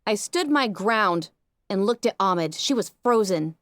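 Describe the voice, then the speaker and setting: A woman's voice: medium pitch, animated, measured pace, a bit bright, no room sound. A woman reading a first-person fan fiction audiobook with an emotional, impassioned delivery, recorded on a close mic. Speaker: audiobook narrator.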